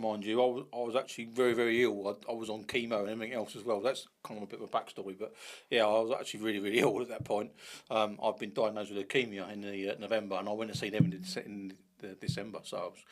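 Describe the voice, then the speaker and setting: A man, a podcast guest telling casual stories in an animated way, acting out dialogue with many restarts. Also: lowish voice, fast talker. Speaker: podcast guest, bait company founder.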